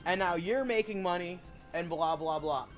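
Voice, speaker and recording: A man's voice: sits high, moderate pace, soft background music. Rambling, opinionated young man streaming a game. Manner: rambling, opinionated, swears freely. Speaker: gaming streamer. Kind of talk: casual gameplay commentary.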